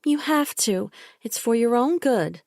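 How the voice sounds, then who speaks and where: A woman's voice: high voice, expressive, measured pace, a little mellow, no echo, studio quality, pitched above the performer's own voice, heavily acted. A woman reading an audiobook, voicing a controlling woman who talks in a syrupy, condescending, soothing voice. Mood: sickly sweet. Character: cloying controlling woman, sickly sweet.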